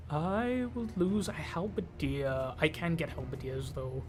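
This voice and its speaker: A man's voice: fairly high pitch, sing-song, slow, soft background music. A man from Canada giving loose, sweary, rambling commentary while streaming a game. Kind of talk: casual gameplay commentary.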